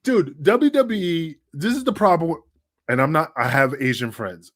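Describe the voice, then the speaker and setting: This man talks in a loose, profane podcast chat, telling stories in an animated way and acting out the people in them. His voice sits a bit higher than most men's, and he hammers his points home with emphasis. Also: unhurried. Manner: animated storyteller who acts out voices; swears freely, emphatic. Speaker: podcast guest, wrestler.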